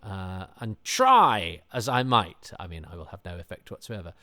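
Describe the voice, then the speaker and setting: Man, lowish pitch, podcast host, casual rambling commentary, self-deprecating. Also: very animated, moderate pace, pushed and bright.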